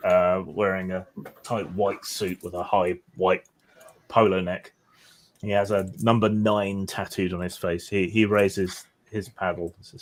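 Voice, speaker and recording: A man narrates a tabletop game as its game master. His voice is low, and his narration is relaxed, with frequent fillers. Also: unhurried.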